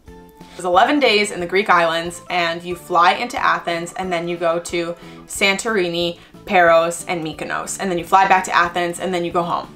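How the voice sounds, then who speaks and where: A woman in her twenties telling a travel story in a casual, chatty way, acting out the voices of the people in it, with soft music behind her. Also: fairly low pitch, normal speed. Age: 20s. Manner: chatty, animated, acts out quoted voices, frequent "like". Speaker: travel vlogger.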